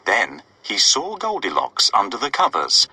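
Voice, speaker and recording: A man narrating a children's bedtime story with slow, very expressive storytelling. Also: lowish voice, husky, dry recording, poor audio.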